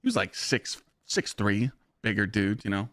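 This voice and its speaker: A young man streaming games, telling stories to his chat in a blunt, profane, animated way. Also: lowish voice, normal speed, dry recording, clean studio sound. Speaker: game streamer. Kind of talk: casual live-stream storytelling.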